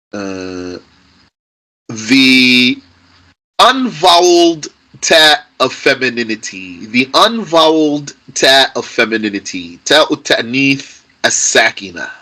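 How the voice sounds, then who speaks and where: A man's voice: mid-range voice, pushed and bright, poor audio. A man teaching an Arabic grammar lesson to a class, patient and repetitive, stressing key points emphatically.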